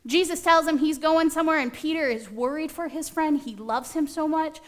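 A woman preaching a sermon in a conversational, animated storytelling manner. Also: high voice, normal speed.

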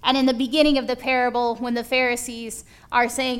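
Animated woman preaching a folksy sermon. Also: a little high, fairly quick, smooth. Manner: folksy and animated, acts out little dialogues. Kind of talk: conversational sermon.

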